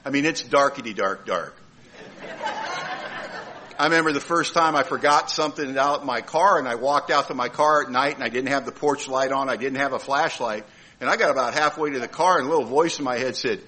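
A man's voice: medium pitch, brisk, pushed and bright, poor audio. A middle-aged man telling a heartfelt, funny personal story to a meeting. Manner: heartfelt, humorous storyteller with comic timing. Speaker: speaker at a recovery meeting.

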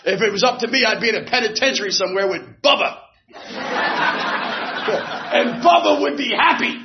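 A man from New Jersey giving an energetic, joking talk as a speaker at a recovery meeting. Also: very high voice, very noisy. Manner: loud, joking, fast-talking. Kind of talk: energetic speech to a crowd. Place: large hall with a crowd. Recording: lo-fi live hall recording.

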